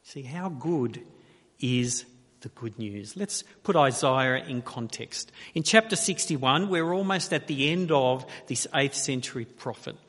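Male preacher, mid-pitched, measured and emphatic, rhetorical questions, long hall reverb. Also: lively intonation, fairly bright tone. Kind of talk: sermon.

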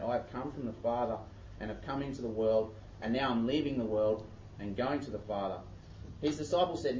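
Reading from the Bible and breaking off into casual asides, an Australian man preaches in a conversational, self-interrupting way as pastor. His lowish voice is a little mellow, with some hiss or hum on a distant, echoey, dull church recording.

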